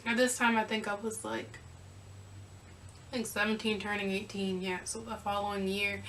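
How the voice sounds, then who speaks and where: A young woman vlogger telling a casual storytime, sassy and animated as she acts out the back-and-forth. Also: medium pitch, normal speed, recorded from a distance, a little hiss or hum, poor audio.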